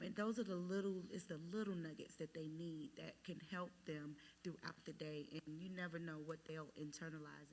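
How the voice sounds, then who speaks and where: A woman who is a Christian teacher, speaking reflectively in a casual podcast discussion and quoting what she tells a student. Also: sits low.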